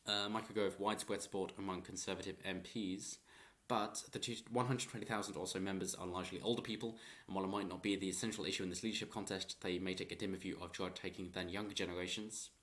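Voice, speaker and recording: A man's voice: deep voice, fairly even intonation, quick pace, few pauses, a bit bright. A man giving rambling, opinionated political commentary in a vlog and chuckling often.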